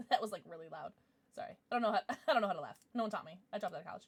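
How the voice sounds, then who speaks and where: Live-streaming to her viewers, a young woman chats casually and giggles, her mid-range voice creaky with a breathy edge. She jumps between soft mumbling and loud squeals.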